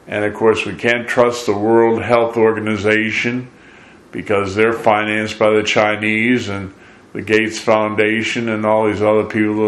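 A man's voice: on the low side, reverberant. A man leading a sermon, singing scripture lines and then talking to his listeners in a conversational preaching manner. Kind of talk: sung worship then sermon.

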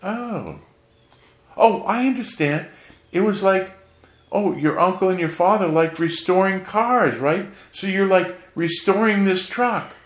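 Man putting on a fussy high-voiced rich aunt. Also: measured pace, echoey room. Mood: cheerful. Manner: fussy, high-pitched questioning. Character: wealthy older aunt, doting, oblivious.

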